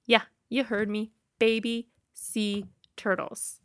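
A woman who works in travel, telling a personal story in a chatty, animated way with plenty of fillers. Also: fairly high pitch, takes it slowly, clear, resonant tone, no echo, clean studio sound. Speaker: travel advisor.

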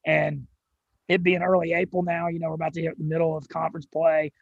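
A young man with a Southern drawl and a high, gravelly, somewhat husky voice, telling his story with excited energy and casual cursing. The sound is dry and a little dull, close to the mic. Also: quick pace, no room sound. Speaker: sports radio and gambling show host, guest.

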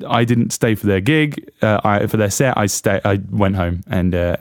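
A rambling English man chatting casually as a podcast host, his voice sitting on the low side. He restarts his sentences often and fills the gaps with ums, poking fun at himself. The recording is close and dry, with no room sound. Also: darkish tone, no room sound. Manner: rambling, self-deprecating, many fillers and restarts. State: recovering from chest infection. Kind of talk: casual chat.

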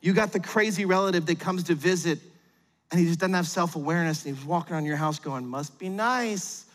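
A middle-aged man preaching a sermon as pastor, animated and acting out quotes in little voices. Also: on the high side, fast talker, big-room sound.

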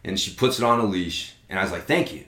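A man's voice: low-pitched, fast talker, echoey room. A man casually telling a story with lots of swearing and fillers. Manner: profane, animated, lots of fillers.

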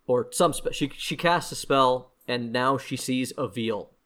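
A man's voice: medium pitch, measured pace, fairly bright tone. A man narrating as game master of a tabletop game, with frequent hesitations and restarts. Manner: hesitant, lots of fillers and restarts.

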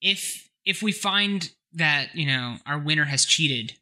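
Bright-voiced laughing male podcast host. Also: a little high, slow. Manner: laughs often, animated storyteller. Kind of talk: casual chat.

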